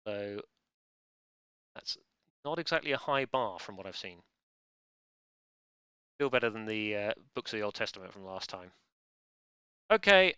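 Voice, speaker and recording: Bright, clear-voiced playful quiz host man. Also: medium pitch, no room sound. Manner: playful, chatty, self-interrupting asides. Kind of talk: casual live quiz hosting.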